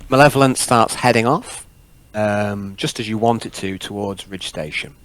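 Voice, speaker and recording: A man's voice: lowish voice, normal speed, a bit bright. A man running a tabletop role-playing game as game master, narrating in a rambling, self-deprecating way.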